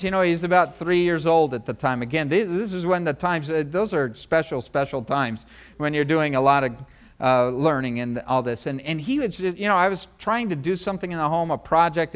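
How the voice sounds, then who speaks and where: A middle-aged man preaching as a pastor, in a conversational sermon full of asides and personal stories. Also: on the high side. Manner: chatty, storytelling, many asides. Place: church service.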